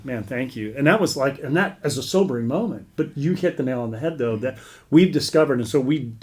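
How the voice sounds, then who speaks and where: Earnest middle-aged man telling stories. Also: mid-range voice. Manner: earnest, rambling, repeats words. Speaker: veteran charity leader. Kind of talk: casual interview storytelling.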